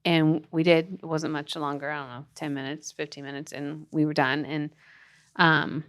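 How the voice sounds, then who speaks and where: A woman co-hosting a parenting podcast, earnestly telling a family story in casual chat, with quick restarts and soft laughs. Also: deep voice, level tone. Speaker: podcast co-host and parenting author.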